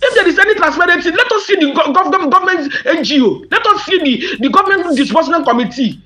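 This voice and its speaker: A woman's voice: extremely high pitch, expressive, fast talker, bright, forceful tone, faint music behind. A woman with a Nigerian accent speaking to subscribers in an impassioned monologue, emphatic and mixing Pidgin and English, with outraged questions.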